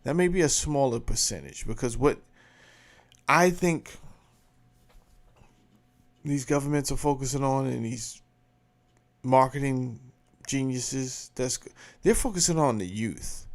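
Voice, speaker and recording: A male show host with a gravelly, fry-laden voice, ranting in a blunt, profane and emphatic way. His delivery is casual commentary, loose and forceful in its points. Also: medium pitch.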